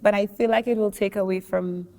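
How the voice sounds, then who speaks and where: A young adult woman, a singer, talking in a relaxed, thoughtful way during an interview and laughing often. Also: medium pitch, brisk. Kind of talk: casual interview talk. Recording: long hall reverb.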